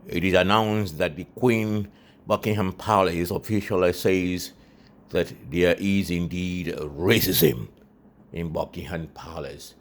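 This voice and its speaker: A man's voice: low voice, fairly even intonation, takes it slowly. A man voicing a pompous male news reporter who makes formal on-air announcements. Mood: announcing.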